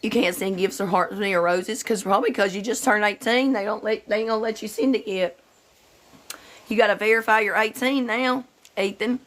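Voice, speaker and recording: A woman talks casually to her livestream audience, calling out viewers by name. She sounds a little slow and drowsy, as if she just got up, with a loose, chatty delivery in a mid-range voice. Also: mid-range voice. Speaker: livestream host.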